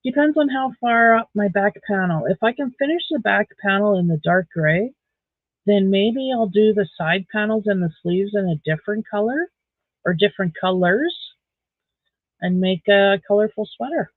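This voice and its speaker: A woman's voice: mid-range voice, lively intonation, moderate pace, dry recording. A middle-aged woman, chatting casually on a live stream while crocheting, rambling along with dry sarcastic asides. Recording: dry, tinny phone-like sound.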